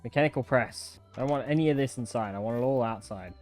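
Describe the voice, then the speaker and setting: A man's voice: mid-range voice, fast, soft background music. Chatty young man narrating his gameplay. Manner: chatty, talks to himself, jumpy excited outbursts. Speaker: gaming content creator. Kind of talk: live let's-play commentary.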